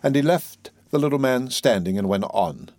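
A man's voice: medium pitch, expressive, moderate pace, a little mellow, no echo. Man reading a fairy tale, dry sound. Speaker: narrator. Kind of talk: storybook reading.

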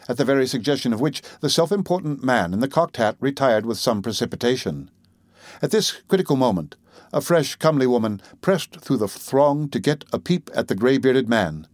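A man's voice: medium pitch, darkish tone, dry recording, clean studio sound. Man narrating a story steadily. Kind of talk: audiobook narration.

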